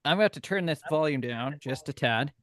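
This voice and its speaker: Playful man hosting, lively pitch. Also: fast talker, no echo, clean studio sound. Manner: playful, laughs often. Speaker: host. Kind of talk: casual live chat.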